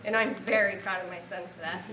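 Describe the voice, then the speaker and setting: A woman's voice: fairly low pitch, steady tone, brisk, roomy sound, far from the mic, very noisy. A woman in her thirties from Nebraska giving a heartfelt award acceptance speech, earnest and grateful. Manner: heartfelt, earnest, speaking of a lost relative.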